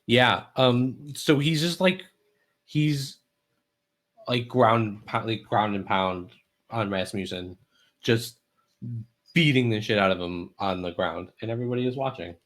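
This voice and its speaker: A man runs a tabletop role-playing game as game master. He narrates in a loose, halting way, stopping for ums and restarts. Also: on the low side, a bit bright. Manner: halting, filler-heavy, casual.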